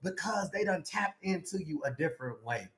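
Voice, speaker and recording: A man in the role of a life coach, giving an animated, preachy motivational sermon with repeated calls to his listeners. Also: fairly high pitch, normal speed. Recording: echoey room with faint music.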